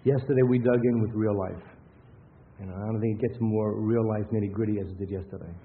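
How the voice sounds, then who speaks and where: Speaking quickly in a low, steady voice, the male workshop lecturer rambles through anecdotes in a chatty style, often backing up to restart a sentence. A faint hiss sits under the tinny, phone-quality sound.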